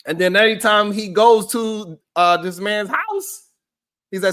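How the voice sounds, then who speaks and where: This streamer's high voice stays unhurried while he preaches at his viewers, addressing them directly with animated commentary and lots of swearing. He's heard through a streaming setup.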